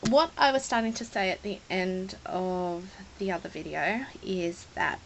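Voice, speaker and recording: In poor audio with slight background noise, a woman with a medium-pitched voice talks through her scrapbook. She is an Australian vlogger whose casual, rambling chat turns apologetic and emotional, at times close to crying.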